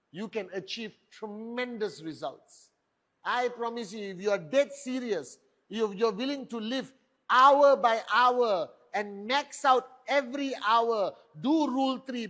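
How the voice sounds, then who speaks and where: A man's voice: very high voice, bright, forceful tone. A middle-aged man giving a motivational stage talk, firing rhetorical questions and boasting. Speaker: motivational speaker at a network marketing event.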